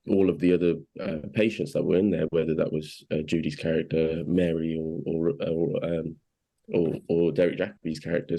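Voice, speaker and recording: Interviewee: English man, very low voice, halting, casual. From England. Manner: hesitant, many restarts and fillers, animated when quoting. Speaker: actor being interviewed.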